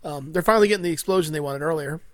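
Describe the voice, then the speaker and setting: Male podcast host, higher voice, crude casual recap, dry close sound. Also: racing, no room sound. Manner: crude, laughing, full of fillers.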